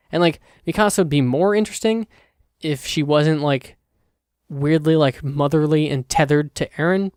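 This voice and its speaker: A man's voice: on the high side, clear, resonant tone, no echo. Rambling young man on a dry mic. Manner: rambling, full of "like" and restarts; chatty, swears casually. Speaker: podcast host. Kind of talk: casual solo podcast chat.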